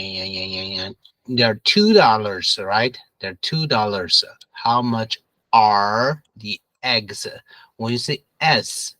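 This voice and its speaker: A man's voice: mid-range voice, bright, forceful tone, no echo, low-quality recording. A man teaching an English review lesson, patiently repeating questions and prompting students to answer together.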